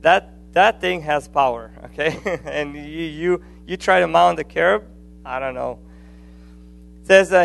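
A man preaching a sermon in a conversational, animated way, often restarting phrases and adding asides. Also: on the high side, measured pace, gravelly.

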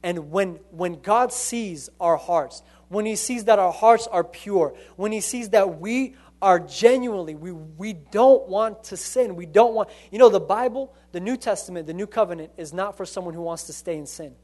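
A man's voice: high-pitched, moderate pace, few pauses, a little mellow. A man preaching a sermon in an earnest way, repeating phrases and often restarting.

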